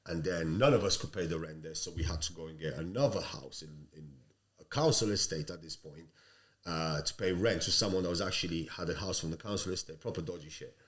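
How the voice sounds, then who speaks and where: A man's voice: deep voice, fairly quick, a bit bright. A man in his thirties, a podcast guest, telling his life story in a blunt, streetwise way with plenty of swearing. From Sicily. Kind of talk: casual storytelling.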